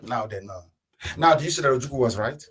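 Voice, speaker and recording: A man giving an impassioned political radio address, with rhetorical questions and sudden bursts of shouting. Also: mid-range voice, lively intonation, fast talker, slightly rough. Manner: fiery, rhetorical, mocking laughter, sudden shouts and drops. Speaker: radio broadcaster. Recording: live internet radio broadcast.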